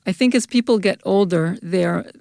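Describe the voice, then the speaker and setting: A woman speaking as a guest scholar in a podcast interview, talking in a thoughtful, measured way with some restarts. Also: mid-range voice, mellow, dry recording, studio quality. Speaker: guest scholar, folklorist and anthropologist.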